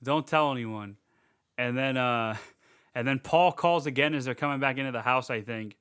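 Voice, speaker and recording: A man co-hosting a podcast, rambling casually through a movie recap, laughing and throwing in quick character voices. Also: mid-range voice, crowd noise. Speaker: podcast co-host.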